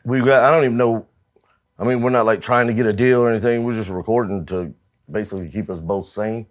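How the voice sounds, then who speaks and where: A man's voice: lowish voice, steady tone, fast. A man, a musician guest, chatting casually in an interview and swearing freely as he tells stories about touring. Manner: profane, storytelling, laughs at own anecdotes.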